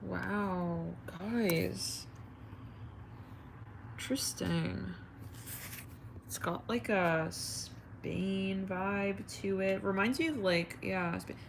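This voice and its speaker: Woman, astrology streamer, rambling chat, giggly, unhurried. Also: mid-range voice, creaky, a little hiss or hum. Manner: giggly, chatting with viewers. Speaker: astrology live-stream host.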